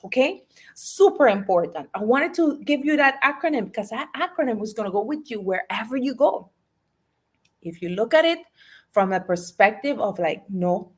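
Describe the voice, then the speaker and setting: A woman, a life and business coach, giving emphatic motivational podcast talk and urging listeners to repeat affirmations. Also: mid-range voice.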